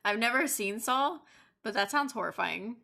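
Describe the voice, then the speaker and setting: A woman's voice: a little high, animated, normal speed, gravelly, pushed and bright. A woman streaming a game, chatting casually and swearing freely as she plays. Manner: profane, laid-back.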